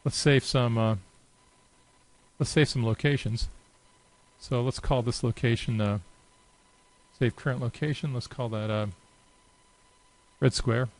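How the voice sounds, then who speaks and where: A software demo presenter narrates an unscripted screen-share walkthrough, relaxed and conversational throughout. His middle-pitched voice is casual and unhurried, broken by many filler pauses as he clicks around. The recording is low quality.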